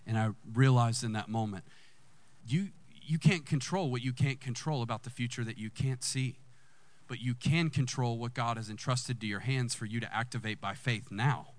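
A man, a lead pastor telling a personal story in a sermon and jumping high in pitch when excited. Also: moderate pace.

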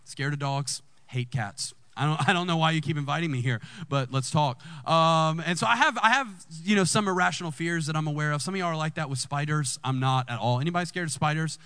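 A man, a lead pastor telling a personal story in a sermon and jumping high in pitch when excited. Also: quick pace, hardly any pauses, clear, resonant tone, no room sound.

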